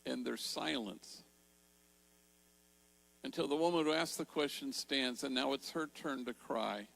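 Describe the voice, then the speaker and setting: Gravelly older man telling a story. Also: mid-range voice, poor audio. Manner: warm storytelling, slows for emphasis. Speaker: Jesuit priest and speaker. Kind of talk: storytelling talk. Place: large church.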